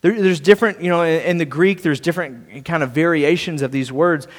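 A man preaching a sermon, earnest, restarting and repeating words and swinging between soft and loud. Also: on the high side, brisk, in a large hall. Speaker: pastor.

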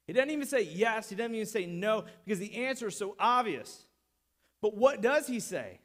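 A male pastor preaching a sermon in a conversational, animated way, often repeating phrases for emphasis. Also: sits high, normal speed.

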